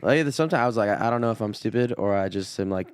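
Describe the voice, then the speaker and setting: A man's voice: fairly low pitch, racing, clean tone. A young man in his twenties with a Midwestern accent, chatting casually as a podcast guest, laid-back and slangy. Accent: Midwestern American. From American Midwest. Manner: laid-back and slangy, calls everyone dude. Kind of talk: casual chat.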